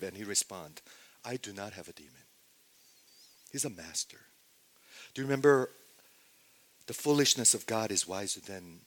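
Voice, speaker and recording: A man preaching a sermon, moving between loud emphatic stretches and hushed near-whispers, and putting rhetorical questions to his listeners. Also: on the low side, poor audio. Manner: asks the audience rhetorical questions. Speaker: pastor.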